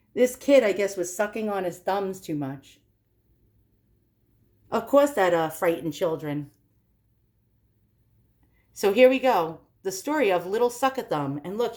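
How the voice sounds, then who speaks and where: Woman host reading old rhymes aloud, amused, quick to laugh and react to the pictures. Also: mid-range voice. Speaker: video host. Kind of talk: reading a storybook aloud with commentary.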